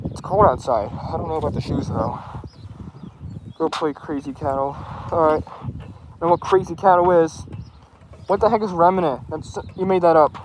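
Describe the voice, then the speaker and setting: A man's voice: a little high, noisy background. A man streaming casually and answering his chat in character, rambling and defensive with lots of stumbling restarts.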